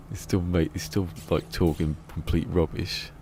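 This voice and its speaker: Brit gamer dude chatting on stream, deep voice, kinda rambly and chuckly. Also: male voice, steady tone, unhurried, dark tone, slight background noise. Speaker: game streamer. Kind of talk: casual live-stream chat.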